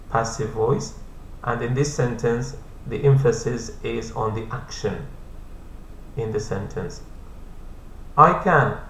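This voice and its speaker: A man explains English grammar in a patient, repetitive classroom style, with Arabic as his first language. His voice sits at an ordinary middle pitch. He is recorded in an echoey room with a faint hum underneath. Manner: repeats points slowly, patient.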